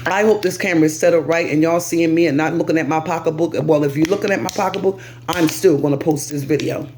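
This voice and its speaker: An American woman vlogger giving lively, animated commentary straight to camera. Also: quick pace, a little hiss or hum. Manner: animated, lively, pitch swings, talks straight to viewer.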